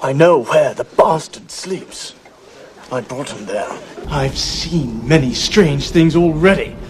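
A man's voice: a little high, expressive, slow pace, slight background noise. A shaken young Englishman. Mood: agitated. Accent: Southern English. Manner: agitated, uneven accent.

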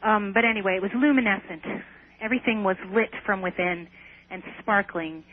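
Woman talking over a tinny phone line. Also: medium pitch. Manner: earnest, unhurried, hesitant restarts. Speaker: guest. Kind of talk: recounting a personal experience in an interview.

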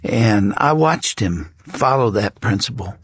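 A male interview host talks in an unhurried, reflective way. His low voice is husky. The sound is dry and close. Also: animated, no echo. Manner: slow, measured, reflective.

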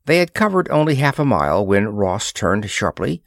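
A man reading an adventure story aloud in a measured narration. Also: fairly low pitch, very animated, vocal fry, dry recording, studio quality.

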